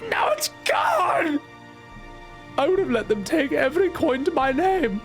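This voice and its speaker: A man's voice: extremely high pitch, animated, a little fast, faint music behind, voice pushed up. A man voicing a sweet, grateful old woman in a game, pleading theatrically. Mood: distraught.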